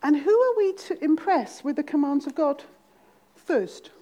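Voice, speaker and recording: A middle-aged Welsh woman with a Welsh accent, preaching a sermon to a congregation with humor and dramatic pauses. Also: high-pitched, animated, warm tone. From Wales.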